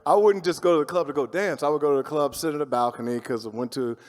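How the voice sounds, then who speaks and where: A man telling stories on a convention panel as a voice actor, animated and motivational, joking as he gives advice. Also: a little high, quick pace. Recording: roomy hall reverb.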